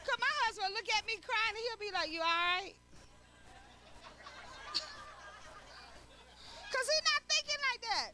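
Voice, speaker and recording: A middle-aged woman preaching a sermon in a lively, conversational way, using everyday speech and acting out little dialogues. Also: extremely high pitch, normal speed, long pauses, noisy background. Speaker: prophetess preaching.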